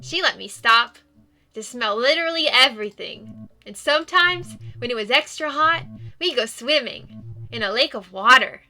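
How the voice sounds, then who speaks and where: A woman voicing a cheerful, sweet male ghost dog as she reads a game's dialogue aloud in a bouncy, excitable, earnest way. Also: fairly high pitch, moderate pace, faint music behind, exaggerated voice. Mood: eager. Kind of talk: reading game dialogue aloud.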